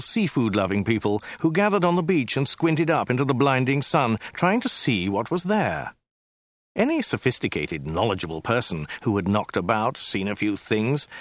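Dry, lively-voiced male storyteller. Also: medium pitch, no echo. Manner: dry, deliberate comic delivery. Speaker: audiobook narrator. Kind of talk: comic story narration.

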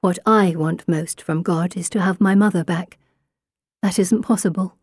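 A woman reading a first-person story aloud as an audiobook narrator, in a steady, wry storytelling way. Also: fairly low pitch, moderate pace, no echo, clean studio sound.

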